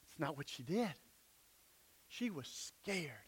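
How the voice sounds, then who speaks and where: A pastor preaching a sermon in a church, emphatic, sometimes dropping to soft, low asides. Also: male voice, sing-song, takes it slowly, breathy edge.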